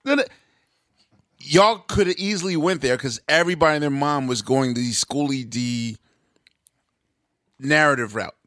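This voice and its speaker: A man's voice: medium pitch, moderate pace, pauses often, a bit bright, dry recording, clean studio sound. A man hosting a casual interview, enthusiastically breaking down music with spoken examples. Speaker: podcast host.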